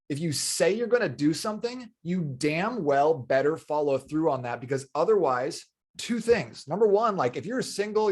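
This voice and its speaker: A man's voice: fairly high pitch, darkish tone. Earnest man podcast host. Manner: earnest, emphatic, repeats phrases for stress. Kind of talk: casual podcast interview.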